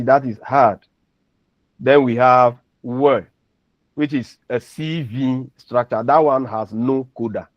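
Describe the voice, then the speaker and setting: A man's voice: medium pitch, dry recording. A man lecturing on phonetics, patiently explaining and repeating example words. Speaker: university lecturer. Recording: dull lo-fi recording.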